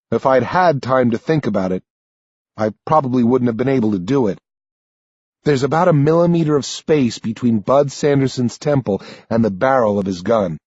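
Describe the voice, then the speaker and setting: A husky male narrator reading an audiobook slowly, with a lively, rising-and-falling delivery. The sound is dull and lo-fi, and the recording is dry with no room echo. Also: medium pitch. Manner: measured, expressive first-person reading. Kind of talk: scripted narration.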